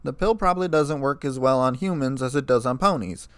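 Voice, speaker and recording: A man's voice: medium pitch, brisk, smooth, dry recording, natural voice. Motherly country pony mare, folksy drawl, firm, man doing the voice. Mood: reassuring.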